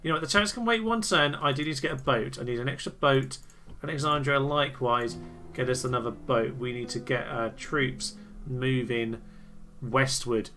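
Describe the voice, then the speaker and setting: A man giving excitable, theatrical commentary on a strategy game he is playing, often laughing and cheering. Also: mid-range voice, normal speed. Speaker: let's play host. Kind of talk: gameplay commentary.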